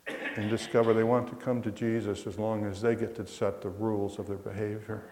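A male pastor giving an Easter sermon, emphatic, swinging from quiet to loud. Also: fairly low pitch, little pitch movement, fairly quick, slight background noise. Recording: echoey hall reverb.

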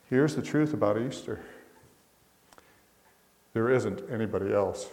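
A male pastor giving an Easter sermon, emphatic, swinging from quiet to loud. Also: on the low side, normal speed, gravelly, long pauses. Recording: echoey hall reverb.

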